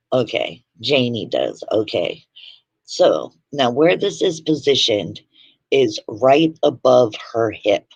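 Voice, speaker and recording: A woman's voice: very deep voice, dry recording. A woman hosting a livestream at home, telling stories in a blunt, profane, chatty way. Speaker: livestream host. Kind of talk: casual livestream storytelling. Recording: dull dry lo-fi livestream audio.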